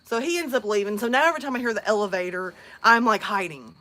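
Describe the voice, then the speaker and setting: Animated woman telling a funny story. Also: fast talker. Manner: animated, laughing, acts out quotes in squeaky voices. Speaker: channel host. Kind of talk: casual storytelling.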